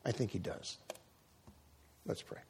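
A man preaching a sermon, reading scripture and then telling a lively personal story, his voice climbing high as he gets excited. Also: takes it slowly. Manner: animated storytelling, rising high when excited. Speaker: pastor. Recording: long hall reverb.

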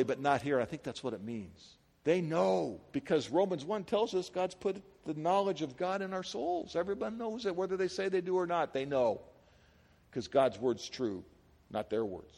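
A male pastor delivering an energetic sermon, speaking high and swinging widely between loud peaks and quiet asides. He peppers his congregation with rhetorical questions in a casual, conversational way. His voice carries a long reverb from a large hall.

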